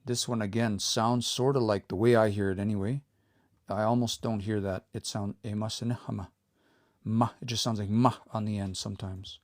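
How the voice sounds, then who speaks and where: A man giving a casual live-streamed language lesson, explaining step by step and repeating words slowly, with relaxed, informal phrasing. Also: fairly low pitch, no echo, clean studio sound. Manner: relaxed, informal, says y'all and eh. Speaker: language teacher.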